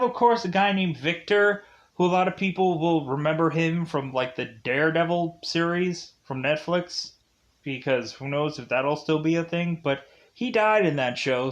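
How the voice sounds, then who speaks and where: A man giving a casual movie review, rambling and digressive, with constant fillers like "like" and "uh". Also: sits high. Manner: rambling and digressive, heavy use of "like" and "uh".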